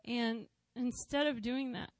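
A worship leader shares her testimony in an earnest, heartfelt voice that sits a little high for a woman. She talks to the congregation in a personal, conversational way, with frequent "you know" asides. The sound is dry and close, with almost no room echo. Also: steady tone, a little slow. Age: adult, a mother of school-age kids.

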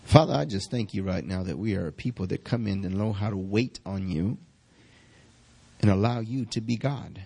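A man, a pastor praying and preaching to his church with fervent, drawn-out calls. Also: fairly low pitch, vocal fry, dark tone, breathy edge. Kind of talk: sermon and prayer. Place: church sanctuary.

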